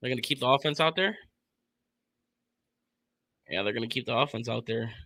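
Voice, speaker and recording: A young man streaming casual live play-by-play of a football game, excitable and slangy, laughing often with his chat. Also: medium pitch, a little fast.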